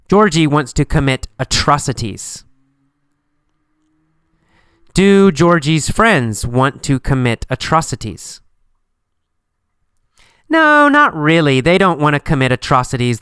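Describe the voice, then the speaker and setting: A man teaching an English lesson, asking simple questions and answering them himself, slowly and with a lot of repetition. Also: mid-range voice, fairly bright tone, smooth, no echo, clean studio sound.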